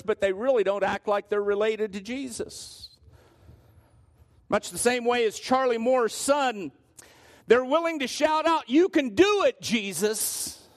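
A male pastor preaching a sermon, telling stories and often restarting his phrases. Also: very high-pitched. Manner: storytelling with frequent restarts.

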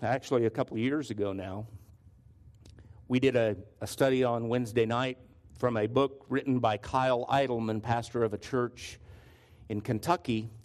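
A man's voice: medium pitch, fairly even intonation, moderate pace, darkish tone. A male pastor preaching a sermon, telling stories and often restarting his phrases. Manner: storytelling with frequent restarts.

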